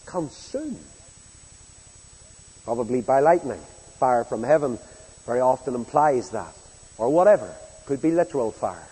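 A man preaching a sermon in a folksy storytelling way, acting out the speakers in the story with big swings in loudness. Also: medium pitch, lively intonation, a little slow, long pauses, breathy edge, big-room sound, poor audio.

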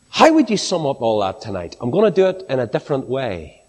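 A man preaching with a very lively, animated pitch that climbs high on exclamations and sinks to a near-murmur. His voice rings out with a long reverb, as in a large hall. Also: a little fast, hardly any pauses. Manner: animated, swinging from high exclamations to low hushed lines. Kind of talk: sermon.

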